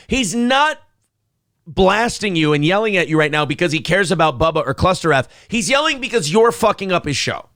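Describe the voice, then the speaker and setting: A male morning show host, animated and opinionated, swearing casually while reacting to a clip. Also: on the high side, brisk, dry recording, clean studio sound.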